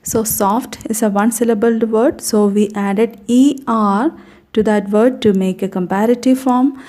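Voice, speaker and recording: A woman's voice: a little high, mellow. A woman teaching an English grammar lesson, patiently repeating example words and checking in with "okay" as she explains.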